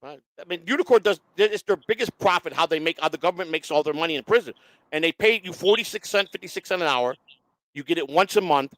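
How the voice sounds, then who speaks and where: A man's voice: on the high side, lively intonation, fast, a bit bright, dry recording. A man hosting a casual chat, telling a long story bluntly, with lots of swearing and restarts. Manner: blunt, profane, rambling with many restarts. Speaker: host.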